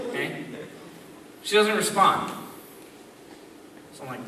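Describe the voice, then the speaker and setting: A man in his late twenties, a youth leader giving a humorous talk, telling stories animatedly and jumping high when acting out voices. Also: lively intonation, normal speed, pauses often, sharp tone. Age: late 20s. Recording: echoey hall, mic far off, background noise.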